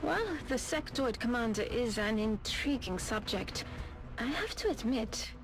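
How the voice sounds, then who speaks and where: A woman voicing a curious female scientist in a strategy game, speaking in a formal, measured way. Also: on the high side, lively intonation. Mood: intrigued. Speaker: game character. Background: game music.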